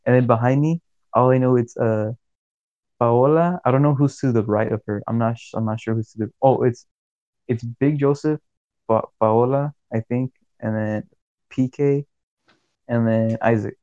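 A man's voice: mid-range voice, moderate pace, dark tone, no echo. A young man co-hosts a casual podcast in a laid-back way, often saying "bro" and "like". The sound is dull and dry, from a simple home mic. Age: young adult. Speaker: podcast co-host. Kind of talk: casual storytelling chat.

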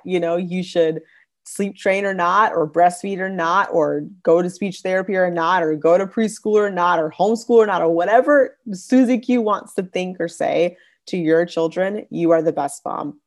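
Low-pitched woman, casual podcast talk, earnest parenting stories, restarts often. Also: moderate pace. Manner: earnest, warm-hearted storytelling with many restarts. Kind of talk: casual chat.

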